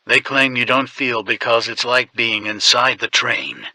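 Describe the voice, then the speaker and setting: A man's voice: mid-range voice, measured pace, bright, forceful tone, no room sound, poor audio. A man reading a sneering scripted voice-over.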